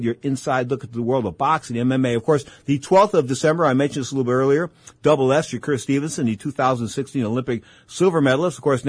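Husky rambling boxing radio host, man. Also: mid-range voice, no room sound. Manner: rambling, repeats himself, acts out old exchanges. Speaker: boxing talk show host. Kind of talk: casual radio commentary.

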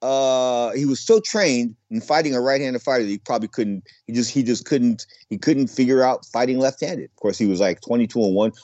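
A man's voice: medium pitch, dark tone, dry recording. An older man, a former boxer, talking in a rambling, digressive monologue that keeps circling back on itself. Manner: rambling, digressive, repeats himself. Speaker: boxing commentator and former fighter. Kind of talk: casual monologue. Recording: dull lo-fi audio.

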